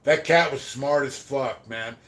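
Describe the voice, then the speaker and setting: A man's voice: medium pitch, measured pace. Profane rambling male podcast host. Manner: rambling, profane, trails off quietly. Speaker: podcast host reading super chats. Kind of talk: casual storytelling about prison life.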